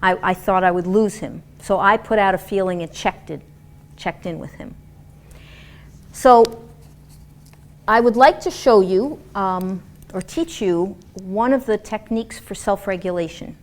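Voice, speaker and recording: Woman giving a lively therapy lecture. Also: medium pitch, measured pace. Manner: animated, demonstrative, acts out example voices. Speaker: dance/movement therapist lecturer. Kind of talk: interactive classroom lecture.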